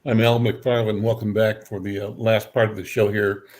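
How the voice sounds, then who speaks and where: Low-voiced male host with halting speech. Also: little pitch movement, a little mellow. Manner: halting, with frequent "uh" fillers. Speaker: talk show host. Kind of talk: casual interview.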